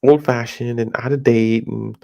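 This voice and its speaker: A middle-aged man from the United States talks off the cuff, his voice gravelly and set at a middle pitch. He rambles and halts, restarting his sentences as he goes, in a casual solo talk. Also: fairly even intonation, warm tone. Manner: rambling, halting with many restarts and fillers. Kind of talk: casual monologue.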